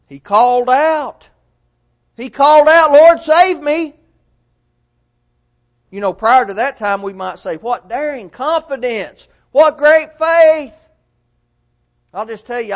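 A man preaching a sermon in a church, telling a Bible story and quoting its figures with rising emphasis. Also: sits high.

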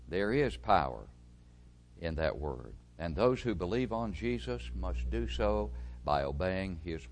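A man preaching a sermon, reading verses aloud and explaining them with strong stresses that drop away at phrase ends. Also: on the low side. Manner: emphatic, with rising stresses and falling, quieter phrase ends; reads scripture aloud, then explains it.

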